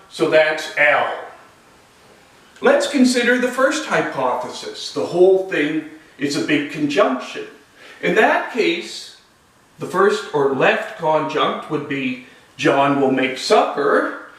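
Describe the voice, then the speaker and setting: Slow, lively-voiced man lecturing in an echoey room. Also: a little high. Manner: slow, deliberate, lively rising and falling intonation. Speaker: logic instructor. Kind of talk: recorded lecture. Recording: echoey room, voice far from mic.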